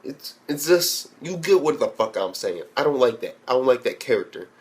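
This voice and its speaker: Young man, anime review rant, heavy swearing, rambling, medium pitch. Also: sing-song, moderate pace, a little mellow. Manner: profane and blunt, heavy swearing; rambling with restarts. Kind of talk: ranting video review.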